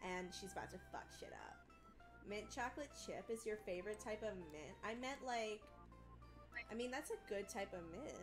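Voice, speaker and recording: A man's voice: high voice, animated, moderate pace, over music. A trans man putting on a sassy, profane valley girl voice during casual live-stream banter. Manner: profane, drawling, mock-snobbish.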